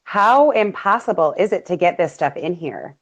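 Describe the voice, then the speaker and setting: A woman's voice: lowish voice, animated, normal speed. A woman co-hosting a casual talk show, talking emphatically, repeating phrases and trailing off mid-sentence. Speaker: podcast co-host. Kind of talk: casual conspiratorial chat. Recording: dull lo-fi audio.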